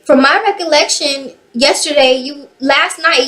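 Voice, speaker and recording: A young woman from the Bay Area telling a personal story in a casual, animated way, swearing freely. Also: high voice, a little slow. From San Francisco Bay Area. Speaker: vlogger.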